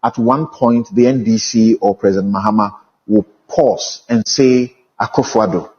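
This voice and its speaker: Mellow-voiced Ghanaian man debating. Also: fairly low pitch, a little slow, dull audio. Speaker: panel guest. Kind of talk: panel debate.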